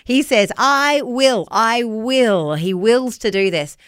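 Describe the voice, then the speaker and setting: A woman with a New Zealand accent co-hosting a breakfast radio show, bubbly and quick to laugh. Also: fairly high pitch, clear, resonant tone, no room sound, clean studio sound. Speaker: radio co-host. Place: radio studio. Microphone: studio microphone.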